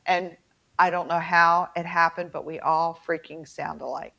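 A middle-aged woman with an Appalachian twang tells rambling, filler-laden stories as a co-host. Her voice sits low with a gravelly edge. The recording is muffled and lo-fi. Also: fairly even intonation, normal speed, sharp tone. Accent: Appalachian mountain twang. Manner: chatty storyteller, lots of fillers. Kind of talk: casual chat. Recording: muffled lo-fi audio.

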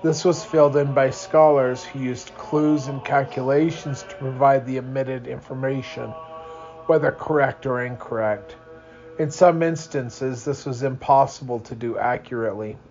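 A man's voice: medium pitch, steady tone, normal speed, a little mellow, dull audio, soft background music. A young man reading a religious book aloud at home in the early morning, tired and yawning, drifting into rambling asides. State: sleepy.

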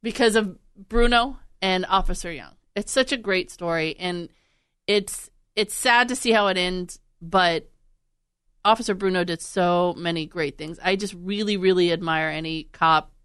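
Smooth-voiced chatty woman podcast host. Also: on the low side, fairly bright tone, no echo, studio quality. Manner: chatty, laughing, quick to act out animals. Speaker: podcast host and radio producer. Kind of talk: casual chat.

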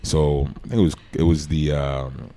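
A man's voice: extremely low pitch, normal speed. A man, a former pro football player telling stories as a guest in a casual interview and acting out the lines he quotes. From New York. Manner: animated storyteller who acts out quoted lines. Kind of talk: casual podcast storytelling.

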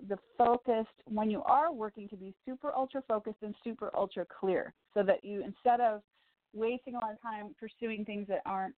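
A woman's voice: mid-range voice, brisk, no room sound. Woman doing call-in card readings, chatty and encouraging, sounds like a dry phone line. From Chicago. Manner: warm encouraging, chatty with laughs. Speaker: radio psychic reader and host.

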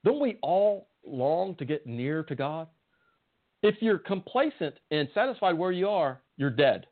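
A man's voice: a little high, animated, measured pace. Southern man preaching over tinny audio. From Southern United States. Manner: folksy, asks listeners questions. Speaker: Bible teacher. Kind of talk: conversational sermon.

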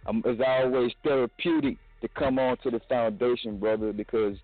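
A man's voice: mid-range voice, fairly even intonation, normal speed, no echo, soft background music. A man calling in to a talk show, speaking earnestly and reflectively, repeating words for emphasis. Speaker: caller. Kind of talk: casual phone call. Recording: dry phone line.

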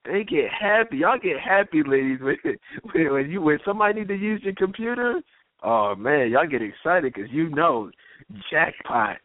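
A man's voice: a little high, sing-song, normal speed, dry recording. A man hosting a call-in talk show, telling stories casually, laughing often and acting out quoted voices. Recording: tinny phone-line sound, dry.

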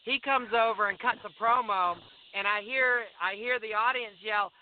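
A man, a wrestler guest, telling an animated story about his career, laughing often and acting out bits of dialogue. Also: high-pitched, normal speed, slight background noise. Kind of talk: casual phone interview storytelling. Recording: tinny phone line.

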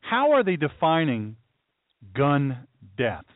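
Male talk radio host, animated pitch swings, hammering rhetorical questions; tinny, dry phone-like sound. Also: slow, no echo. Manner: heated, repetitive, rhetorical questioning. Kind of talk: political commentary monologue.

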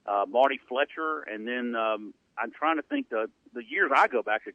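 A middle-aged man of middling pitch co-hosts a sports talk show, rambling along with lots of ums and uhs. His voice comes through thin and phone-like, with a dry, close sound. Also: moderate pace, dry recording. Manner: conversational, rambling with many fillers. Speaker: radio co-host. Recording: narrow phone-like band, dry.

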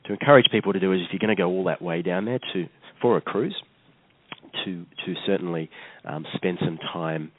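Low-voiced Australian man on a phone line. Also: brisk, no echo. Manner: hesitant, many fillers and restarts. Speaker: travel company guest. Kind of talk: casual interview.

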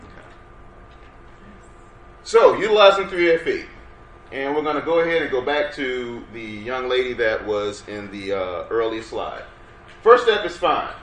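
Energetic man lecturing in a roomy hall. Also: mid-range voice, a little slow, long pauses. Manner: energetic, coaxes audience to respond. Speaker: workshop presenter. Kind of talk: interactive workshop lecture. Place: workshop room. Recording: roomy room sound, faint background noise.

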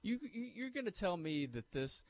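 A man co-hosting a sports radio show, telling movie scenes in a lively, animated way. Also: high-pitched, moderate pace, no room sound. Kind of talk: casual sports talk.

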